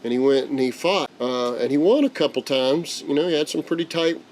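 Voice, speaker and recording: A man's voice: mid-range voice, a little fast, a little hiss or hum. A man, the host of a livestream, casually telling a story and acting out the voices of the people in it. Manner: animated, acts out quoted voices. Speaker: channel host.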